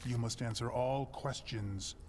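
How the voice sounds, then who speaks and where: An actor playing a scheming male devil who sets a wager, speaking in a silky, measured, taunting way. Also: mid-range voice, steady tone, natural voice. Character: smooth scheming male devil host of games. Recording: played from a show with music underneath.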